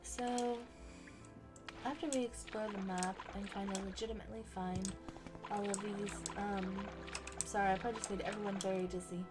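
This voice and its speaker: A woman's voice: medium pitch, fairly even intonation, moderate pace. Chatty woman playing a game. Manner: chatty, thinking aloud while playing. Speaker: gaming channel host. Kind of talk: casual game commentary. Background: game music and keyboard typing.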